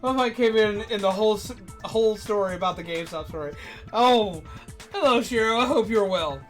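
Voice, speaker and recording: A streamer and former game store manager telling stories in casual chat, animated, with loud indignant outbursts. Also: medium pitch, brisk, faint music behind.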